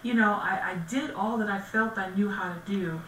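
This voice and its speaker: A woman co-host sharing a personal testimony, soft-spoken, steady and reflective. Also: medium pitch, normal speed. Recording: echoey room, distant mic, faint noise.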